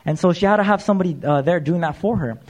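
A man with a high-pitched voice preaches in a church. He talks loosely and conversationally, with plenty of "uh" fillers, and keeps addressing the congregation as "you guys". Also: rapid-fire, a little mellow. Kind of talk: sermon.

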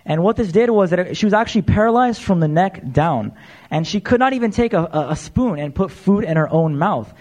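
High-voiced guy preaching in church, chatty sermon, lots of uhs. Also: expressive, fairly quick, a little mellow. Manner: conversational, frequent "uh" fillers, addresses crowd as "you guys".

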